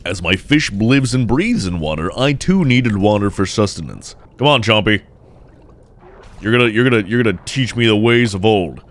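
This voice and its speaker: A young man giving jokey, excitable let's play commentary as he plays, cheering on his fish and breaking into shouts. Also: on the low side, moderate pace. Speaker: gameplay commentator.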